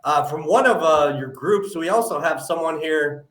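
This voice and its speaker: A man hosts a live podcast, friendly and curious, filling pauses with hesitations. His voice sits a little high. The sound carries noticeable room echo. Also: a bit bright. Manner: friendly, asks follow-up questions, many "uh" fillers. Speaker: podcast host.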